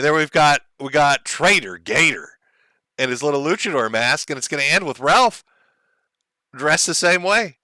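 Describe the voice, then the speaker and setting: Sarcastic, lively-voiced man ranting on stream. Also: mid-range voice, no echo. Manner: sarcastic, profane, laughing at his own jokes. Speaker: livestream host. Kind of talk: mocking livestream commentary.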